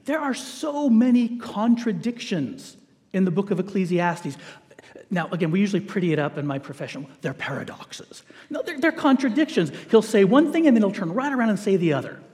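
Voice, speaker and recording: A middle-aged man preaching a sermon in a lively, joking way, with playful asides to his listeners. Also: high voice, fairly quick, big-room sound.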